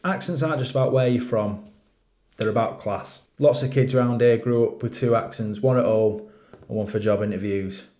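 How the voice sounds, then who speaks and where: A man presents a scripted explainer monologue. His pitch sits in the middle, and his delivery is wry and jokey, slipping into quiet, dry asides. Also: normal speed.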